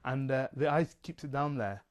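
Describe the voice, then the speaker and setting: Man, casual rambling talker, digressive, lots of "um" and "you know", mid pitch. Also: moderate pace. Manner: chatty, digressive, many fillers.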